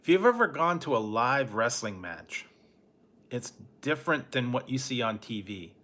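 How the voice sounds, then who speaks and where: A middle-aged man hosting a late-night live stream, telling a rambling, laid-back story with soft chuckles and answering chat. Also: mid-range voice, big pitch swings, normal speed. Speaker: food review channel host.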